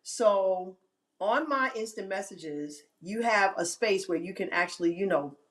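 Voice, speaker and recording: A woman's voice: mid-range voice, animated, a little slow. A woman hosting an inspirational live-stream talk, emphatic and given to repeating phrases for effect.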